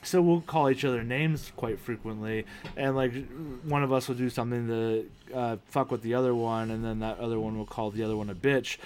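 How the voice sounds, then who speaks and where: A man's voice: medium pitch, brisk, a little hiss or hum. A young man co-hosting a podcast, telling family anecdotes and acting out the quotes. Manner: animated, joking storytelling that acts out quotes. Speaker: podcast co-host. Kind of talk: casual chat.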